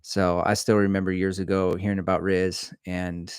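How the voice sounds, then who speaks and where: A man's voice: deep voice, little pitch movement, moderate pace, clear, resonant tone, no echo, clean studio sound. A middle-aged man hosting a casual livestream, rambling and joking as he reads viewer comments aloud. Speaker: livestream host answering chat. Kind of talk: casual live-stream chat.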